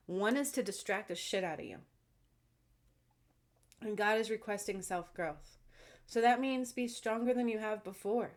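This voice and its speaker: A woman speaks earnestly and emphatically to her viewers in a casual vlog. She keeps checking in with "okay?", and her voice sits at a medium pitch. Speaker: self-described spiritual channeler. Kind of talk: casual monologue to camera.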